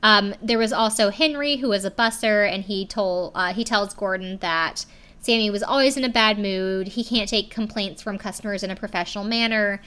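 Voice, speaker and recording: A young woman tells a story in a loose, chatty way, her voice bright and forward. She leans on "like" between phrases and swears casually as she goes. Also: mid-range voice, moderate pace, clear, resonant tone. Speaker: video recapper.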